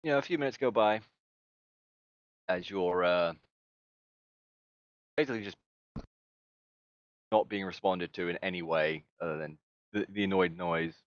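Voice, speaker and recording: A man with a very low voice runs a tabletop game as game master. His narration rambles and hesitates, full of fillers and small laughs. The voice chat is dry and dull, with a lo-fi sound. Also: unhurried, long pauses, no room sound.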